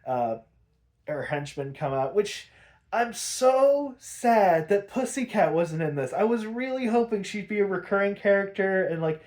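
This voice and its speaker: A man's voice: high-pitched, lively intonation, measured pace, darkish tone. A man hosting a podcast, recapping an episode in a rambling, profane, casual way, full of "like".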